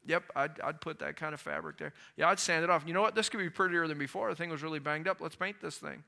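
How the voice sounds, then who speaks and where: Guy playing an easygoing counselor, offhand and encouraging, a bit high. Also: fast, vocal fry, sharp tone. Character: easygoing, practical male counselor fixing a canoe.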